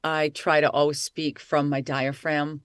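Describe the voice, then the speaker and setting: A middle-aged woman, an actress and voice-over artist, chatting excitedly in an interview. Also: sits low, measured pace, no echo, studio quality. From Italy. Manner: lively, talkative, excitable. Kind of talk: casual interview chat.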